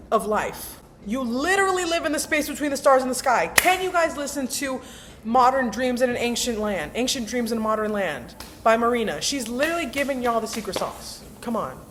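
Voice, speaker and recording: Speaking at a normal pace with a voice on the high side, this young self-help vlogger gives a casual motivational talk about mindset. She's chatty, emphatic and slangy, voicing inner thoughts aloud, with slight background noise.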